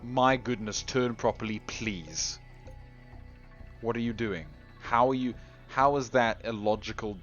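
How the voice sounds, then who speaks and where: Chatty, animated man playing a game. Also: mid-range voice, unhurried. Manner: chatty, exasperated at the game, laughs at himself, hums tunes. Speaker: gameplay commentator. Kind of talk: casual let's-play commentary. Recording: slightly dull lo-fi recording with faint music.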